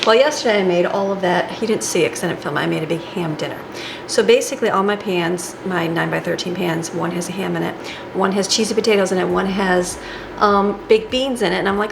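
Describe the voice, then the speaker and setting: A woman's voice: fairly low pitch, fast, vocal fry. A woman talking casually while baking in her home kitchen, rambling and laughing easily as she works. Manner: rambling, laughs often, talks while cooking. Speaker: homemaker and mom baking at home. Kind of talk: casual chatty kitchen vlog. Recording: noisy home kitchen recording.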